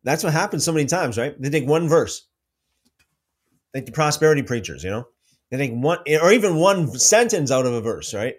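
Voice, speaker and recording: A man's voice: normal speed, pauses often, husky. A man hosting a casual livestream about faith, reading out viewer comments and telling stories with many restarts. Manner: rambling, restarts often, lively pitch swings when telling stories.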